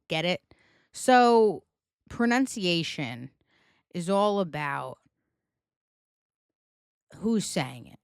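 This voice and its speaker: Podcast host, woman, US Northeastern accent, lowish voice, animated and foul-mouthed, bone-dry sound. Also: extremely slow, pauses often, clean tone, no echo. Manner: animated, emphatic, swears freely. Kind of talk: casual pop-culture chat.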